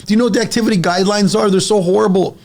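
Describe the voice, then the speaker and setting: A man in his forties, a fitness coach talking on a casual podcast, emphatic and animated, speaking in quick bursts with repeated words. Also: high voice, vocal fry. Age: 40s.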